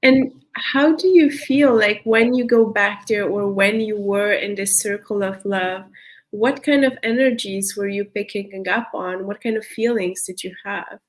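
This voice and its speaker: A woman host asking an interview guest gentle, unhurried questions. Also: medium pitch.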